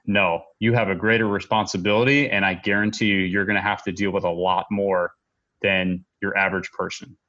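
A man in his thirties, a military veteran, giving an earnest, halting personal testimony to an audience, often pausing and restarting. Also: lowish voice, flat delivery, pushed and bright, lo-fi sound.

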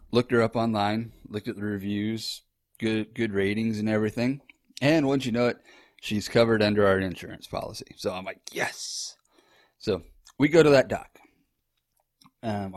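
A man's voice: fairly low pitch, no echo, studio quality. Rambling, profane man telling his story. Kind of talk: casual storytelling.

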